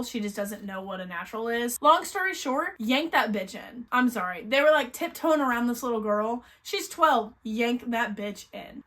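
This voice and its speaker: A young woman vlogging a casual book review, blunt and animated, swearing freely as she talks. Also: a little high.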